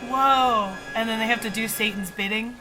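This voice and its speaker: A woman's voice: a little high, steady tone, moderate pace, over music, low-quality recording. A woman co-hosting a podcast, chatting casually with sassy quips and frequent laughter. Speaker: podcast co-host. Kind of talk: casual movie-riffing chat.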